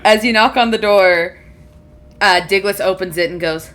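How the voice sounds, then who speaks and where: A woman's voice: mid-range voice, moderate pace, fairly bright tone. A woman narrating a tabletop game as game master, voicing the characters in a playful way. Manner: playful, plays non-player characters.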